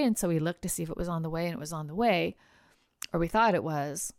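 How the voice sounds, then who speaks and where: Gravelly-voiced woman telling a story. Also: lowish voice, fast, dry recording, clean studio sound. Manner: chatty, animated storyteller with fillers. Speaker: podcast host and trial lawyer. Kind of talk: casual storytelling monologue.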